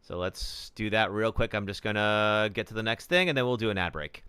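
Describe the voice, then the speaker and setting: A man's voice: on the low side, a little fast, sharp tone, smooth, no room sound. A man streaming a horror game live, chatting with viewers and reacting nervously as he plays. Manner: jittery, talks to chat. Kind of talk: live gameplay commentary.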